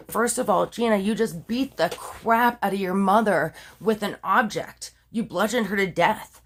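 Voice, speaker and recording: A woman's voice: mid-range voice, moderate pace, fairly bright tone. A woman casually retelling a true crime story, chatty and full of asides, laughing at her own dramatic telling.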